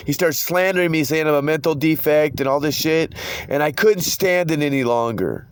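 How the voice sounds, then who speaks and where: A man's voice: fairly high pitch, moderate pace, smooth. A man telling a long, rambling court story, cursing and quoting others in his own voice. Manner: rambling, profane, retells quotes in his own voice. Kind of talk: casual phone-style conversation.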